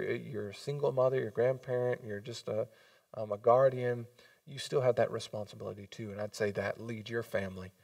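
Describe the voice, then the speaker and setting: Earnest pastor preaching online. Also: male voice, mid-range voice, vocal fry, darkish tone, dry recording, recorded from a distance. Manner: earnest, conversational, repeats himself. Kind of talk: online sermon.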